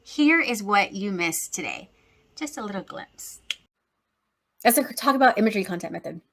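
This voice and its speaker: A woman's voice: medium pitch, lively intonation, normal speed, fairly bright tone. A woman business coach teaching casually, retelling a story in a rambling, chatty way.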